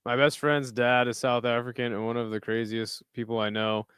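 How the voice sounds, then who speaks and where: A man's voice: medium pitch, level tone, moderate pace, fairly bright tone, clean tone, no echo. A young American man hosting a casual fight watch-along stream, answering chat with dry sarcasm. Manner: sarcastic, talks back to chat messages. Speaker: livestream host reading chat.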